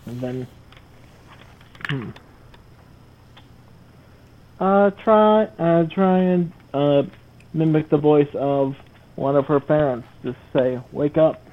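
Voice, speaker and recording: A man's voice: a little high, slow, narrow, tinny audio. A man playing in a tabletop role-play, talking hesitantly and rambling. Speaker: player.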